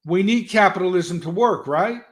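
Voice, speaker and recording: A man telling stories as a guest in an animated, folksy, loud way. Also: high-pitched, moderate pace. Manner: animated, folksy storyteller who talks loud. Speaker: guest, political strategist. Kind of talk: casual motivational talk.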